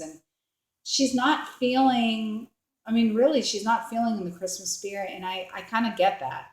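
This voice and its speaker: A woman's voice: mid-range voice, moderate pace. A woman giving a casual tarot reading, rambling with lots of fillers and acting out the thoughts of the people in the cards. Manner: rambling, filler-heavy, acts out quoted thoughts. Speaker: tarot card reader. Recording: roomy echo.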